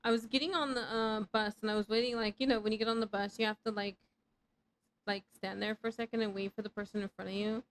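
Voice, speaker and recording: A woman's voice: mid-range voice, little pitch movement, fast talker, a little hiss or hum, rough recording. A woman in her thirties chatting casually with her live chat while playing a game, rambling and swearing freely in self-mocking banter. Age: 30s. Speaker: streamer.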